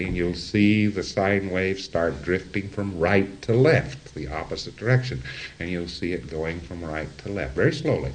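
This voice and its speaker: Man, somewhat low voice, informal lecture, rambling, acts out examples, keeps checking in with listeners. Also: unhurried, a little hiss or hum. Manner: rambling, illustrates with acted-out examples and asides.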